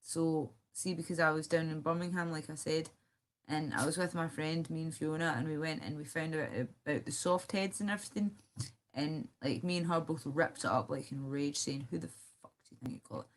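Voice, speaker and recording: Young woman host, lowish voice, rambling casual stream chat, answers viewer comments. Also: moderate pace. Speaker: livestream host.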